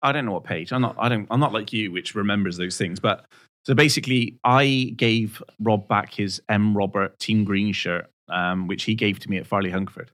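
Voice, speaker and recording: A man's voice: on the low side, normal speed, a bit bright. Hesitant man co-hosting. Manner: hesitant, many ums and uhs. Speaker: podcast co-host. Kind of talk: casual chat.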